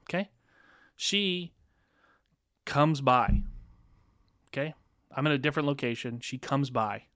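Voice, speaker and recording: A man's voice: mid-range voice, fairly bright tone, no room sound, studio quality. A man co-hosting a podcast, telling a dating story casually and acting out both sides of the dialogue, with some swearing. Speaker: podcast co-host.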